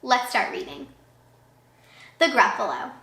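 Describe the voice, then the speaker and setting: A woman teacher reading a picture book aloud to young children in an expressive way, pausing to ask them questions. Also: medium pitch, gravelly. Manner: warm, expressive, asks questions of young listeners. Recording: echoey room.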